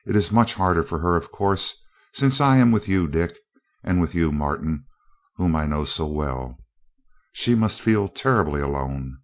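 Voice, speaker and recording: A man reading an audiobook, voicing an earnest, affectionate young woman with a slightly raised pitch. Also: lively intonation, measured pace. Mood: concerned. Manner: earnest, fond, mildly teasing.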